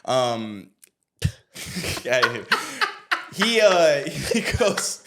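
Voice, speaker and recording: A man's voice: on the high side, sing-song, drawn-out words, vocal fry, very noisy. Laid-back young man telling stories. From Canada. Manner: laid-back storytelling with laughs. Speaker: podcast co-host. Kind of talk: casual chat.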